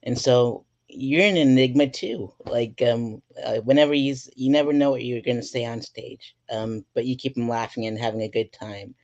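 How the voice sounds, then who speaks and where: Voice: mid-range voice, normal speed, hardly any pauses, darkish tone. Giggly rambling podcast host, lo-fi audio. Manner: giggly, rambling, lots of fillers. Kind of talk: casual interview chat.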